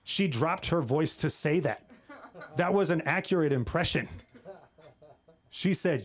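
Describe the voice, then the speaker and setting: Male comic, slightly raised pitch, wry exasperated club-stage delivery. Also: expressive, measured pace, pauses often. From San Francisco Bay Area. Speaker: stand-up comic. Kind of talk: open-mic stand-up set.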